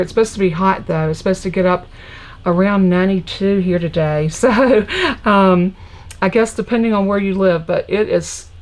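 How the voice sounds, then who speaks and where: A woman's voice: mid-range voice, rough recording. A woman hosting a live crafting tutorial, chatty and gushing, greeting viewers as she shows her supplies. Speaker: crafting host.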